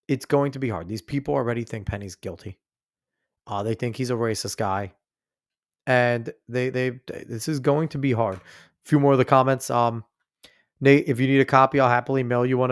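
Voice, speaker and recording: A male podcast host talking casually over a clip he plays. His voice sits at a middle pitch for a man. His delivery is blunt, profane and direct to the audience. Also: a little fast. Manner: blunt and profane, talks straight to listeners. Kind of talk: casual commentary on a played clip.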